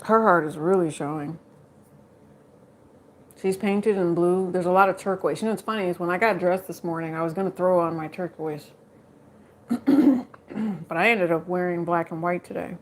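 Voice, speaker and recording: A woman's voice: fairly low pitch, normal speed, pauses often, slight background noise. A woman giving a casual live tarot reading, chatty and joking with viewers and laughing often. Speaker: tarot card reader.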